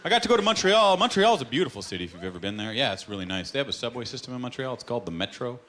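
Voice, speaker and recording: Rapid-fire and very animated, a man with a mid-range voice works a comedy club crowd, spinning stories into punchlines and putting on voices for the people in them. A little hiss or hum sits under the live recording, and the audience laughs loudly and claps.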